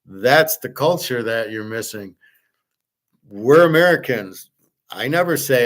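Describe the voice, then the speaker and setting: A man's voice: medium pitch, animated, unhurried, fairly bright tone. A middle-aged man hosting a casual talk, rambling and blunt, repeating himself, stumbling on words and swearing now and then. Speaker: host. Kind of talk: casual chat to viewers.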